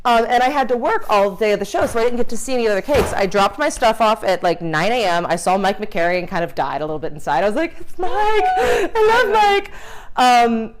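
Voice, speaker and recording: A woman's voice: medium pitch, fast, hardly any pauses, a little hiss or hum. A woman in casual interview chat, a cake designer and teacher telling stories with quoted asides and laughter.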